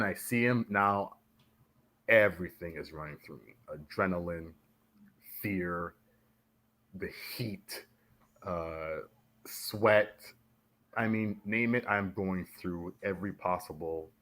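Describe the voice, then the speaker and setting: Man, deep voice, from Canada, military veteran, animated storyteller, podcast guest. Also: takes it slowly, pauses often. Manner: animated, acts out the voices of others in his stories. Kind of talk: casual storytelling in a podcast interview.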